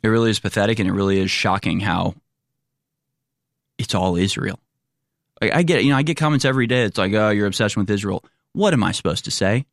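A man's voice: fairly low pitch, no echo, studio quality. A man hosting a political commentary show, talking in a sarcastic, exasperated way.

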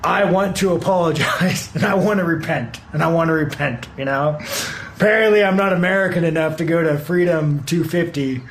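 Gravelly man, mock-apologetic and sarcastic. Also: on the high side, fairly quick, slight background noise. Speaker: fighter speaking in a clip. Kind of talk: sarcastic video statement.

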